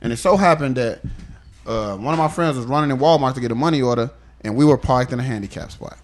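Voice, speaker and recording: A young man co-hosting a podcast, telling stories in a casual, animated and profane way. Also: medium pitch, quick pace. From Chicago area. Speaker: podcast co-host. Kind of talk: casual chat.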